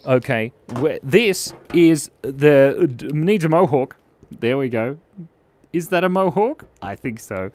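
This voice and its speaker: Guy hosting a live drawing stream, excitable and playful, bouncy pitch. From Australia. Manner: excitable, playful, chatty with viewers. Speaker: livestream drawing host.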